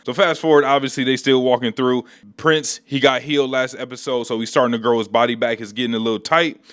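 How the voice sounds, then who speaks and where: A man hosting a casual comic book recap, talking through the story in relaxed, slangy speech. His voice is middle-pitched and dry, right up on the mic. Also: fast, clear, resonant tone, no room sound. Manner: slangy, laid-back storytelling.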